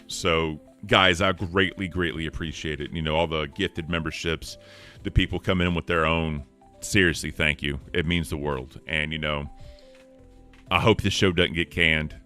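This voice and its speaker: Man, show host, low voice, bright tone, casual rambling chat, faint music behind. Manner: earnest and thankful, rambling with fillers.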